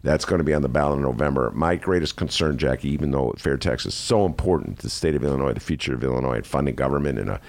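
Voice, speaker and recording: Male podcast host, low pitch, lively delivery, wry and joking. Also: racing, vocal fry, hardly any pauses. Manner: joking, animated, wry asides. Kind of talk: casual radio show chat.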